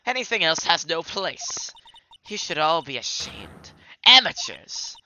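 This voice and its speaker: A man voicing a proud, righteous young boy with a put-on British accent, in a crisp, scolding manner. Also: fairly high pitch, sing-song, measured pace, pushed and bright, voice pushed up, full character voice, low-quality recording. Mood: indignant.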